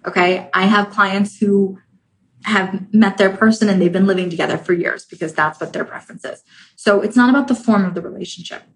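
A woman's voice: mid-range voice, fairly quick, slight background noise, low-quality recording. Woman coaching in a chatty, direct way. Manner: conversational, often checks in with "right?" and "okay?"; acts out inner voices in quoted asides. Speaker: relationship coach and podcast host. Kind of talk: casual coaching monologue.

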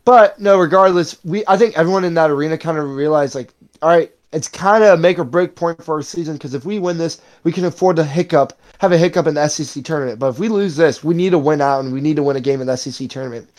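A young male co-host with a slightly higher voice, chatting about sports in an easygoing, rambling way. He often backs up and corrects himself mid-sentence. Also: fast talker, few pauses. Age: young adult. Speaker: podcast co-host. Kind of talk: casual sports podcast chat.

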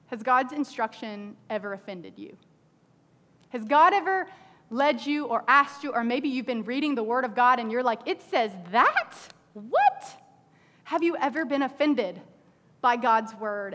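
A woman pastor preaching an animated sermon to her congregation, acting out people's prayers in an exasperated voice. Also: sits high. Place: church sanctuary with a congregation. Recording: reverberant church hall.

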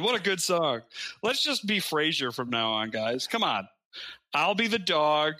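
A man's voice: a little high, big pitch swings, measured pace, sharp tone. A man co-hosting a podcast in casual chat, joking and mocking himself. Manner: joking, self-mocking, breaks into sung bits. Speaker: podcast co-host.

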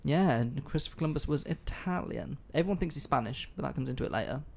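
A man's voice: fairly high pitch, expressive, fast, gravelly. A man hosting a casual history podcast, chatty and offhand, swearing freely. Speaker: podcast host.

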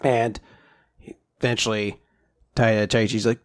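A man's voice: on the low side, fairly even intonation, unhurried, long pauses. A young man in casual chat, animatedly retelling a chapter and jumping into character voices as he goes. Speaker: podcast co-host recapping a manga chapter.

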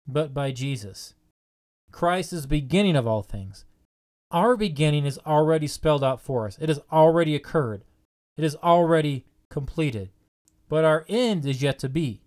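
A man delivers a sermon in a fairly high voice. He presses his listeners with earnest, repeated questions and leans hard on the key points. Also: a little mellow. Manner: earnest, repetitive rhetorical questions. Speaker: preacher.

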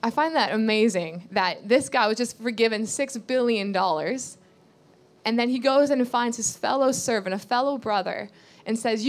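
A woman's voice: fairly high pitch, expressive, moderate pace. A woman giving a sermon, reading scripture aloud and explaining it earnestly, repeating key phrases and asking rhetorical questions. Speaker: Bible teacher.

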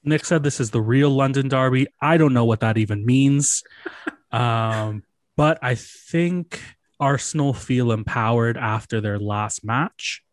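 A man's voice: medium pitch, measured pace, no room sound. A man co-hosting a sports podcast in casual chat, teasing and joking with the others.

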